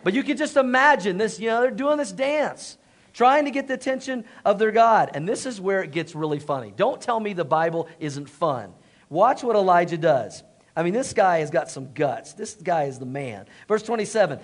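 A male pastor preaching a lively sermon in a church, joking and calling for responses from the congregation, then dropping to hushed solemn tones. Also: high-pitched, normal speed. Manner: animated, jokey, call-and-response, drops to hushed solemn tones.

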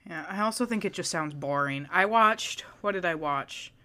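Young woman chatting on a podcast, kinda low smooth voice, offhand and jokey. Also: lively intonation, moderate pace, sharp tone. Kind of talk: casual chat.

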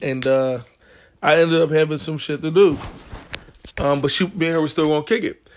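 Hosting a podcast, a man with a slightly high voice speaks at a moderate pace with fairly even intonation, and there's a little hiss or hum in the recording. He tells his story in a slangy, profane, casual style, turning heated and loud as he replays arguments.

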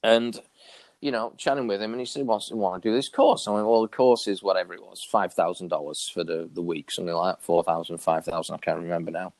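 A man with a fairly low voice tells a personal story in a casual interview, swinging up high whenever he acts out what others said. The recording is dry and close, with no room sound. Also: quick pace, no echo. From New York area. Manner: animated, acts out quoted dialogue with big pitch jumps. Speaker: interview guest.

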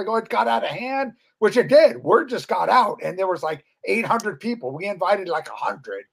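A man's voice: sits high, big pitch swings, normal speed, gravelly, few pauses, breathy edge. A middle-aged man and former metal guitarist, telling rambling, profane party stories in casual chat and acting out the people he quotes.

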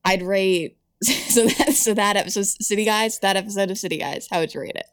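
A woman's voice: medium pitch, fairly quick, dry recording, clean studio sound. A woman co-hosting a podcast, chatting casually about an old TV show, laughing often and restarting her sentences. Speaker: podcast co-host. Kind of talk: casual chat reviewing old TV.

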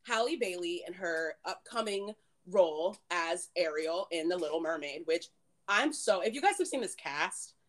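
Her voice is lowish with lively intonation at a normal speed. She's a late-twenties podcast co-host in a casual, giggly chat with friends, her speech full of "like" and "um."

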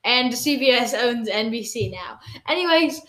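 A woman hosting an improvised comedy podcast, talking in a high voice. She rambles and stumbles through her explanations, and the room around her is echoey. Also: animated, fairly bright tone. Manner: rambling, halting, lots of fillers. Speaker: podcast host.

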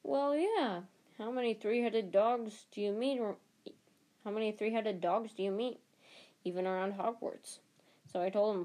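Woman reading a big gruff giant groundskeeper, rambly, blurts stuff out, storybook voice. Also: mid-range voice, warm tone, lightly acted. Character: half-giant male groundskeeper, gruff and blundering.

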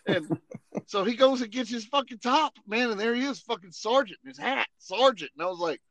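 A man, an Army veteran and podcast host, telling a casual, animated story full of swearing and "you know what I mean". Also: extremely high pitch, fairly quick, no room sound.

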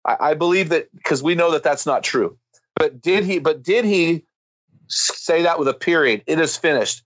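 A man's voice: fairly high pitch, normal speed, a bit bright, dry recording, low-quality recording. Fervent preaching man, dry sound. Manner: emphatic, builds to fervent climaxes. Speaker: guest speaker on men's ministry. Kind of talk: impassioned preaching-style storytelling.

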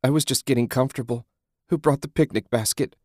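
A man's voice: mid-range voice, fast, a little mellow, no room sound, clean studio sound, voice pushed up, natural voice. A man voicing Julie, a bitter worn-out woman. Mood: sardonic. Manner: bitter, sarcastic, exhausted. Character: weary, sardonic young woman survivor. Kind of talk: audiobook character voice.

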